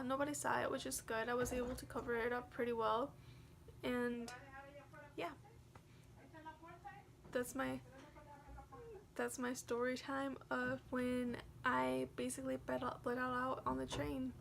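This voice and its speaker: A young woman vlogger retelling a story in a chatty, animated way, leaning on "like" as she goes. Her voice sits a little high with a gravelly fry, and a faint hiss of noise lies under the recording. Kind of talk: casual storytime.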